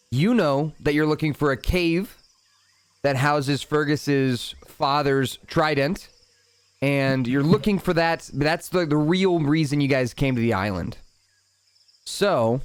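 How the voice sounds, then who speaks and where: A man narrating a tabletop game as dungeon master, setting scenes calmly and chatting casually between rolls. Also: fairly high pitch, clear, resonant tone, no room sound. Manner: calm, descriptive scene-setting with casual asides.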